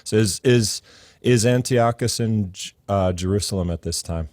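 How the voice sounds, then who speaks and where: A man hosting a podcast, chatting casually and reacting with enthusiastic quick affirmations. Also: fairly low pitch, darkish tone, dry recording, clean studio sound. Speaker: podcast host.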